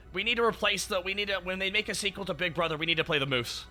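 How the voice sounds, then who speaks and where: A man streaming casual comedic chat, swearing and joking, and tacking on "bud" all the time. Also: high-pitched. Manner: swearing, jokey, tacks on "bud" constantly.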